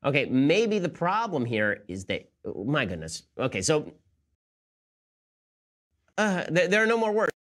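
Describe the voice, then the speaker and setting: A man's voice: a little high, huge pitch swings, measured pace, pauses often, fairly bright tone. A man hosting a political commentary show, talking sarcastically and with disbelief. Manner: sarcastic, incredulous. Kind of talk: rapid-fire commentary.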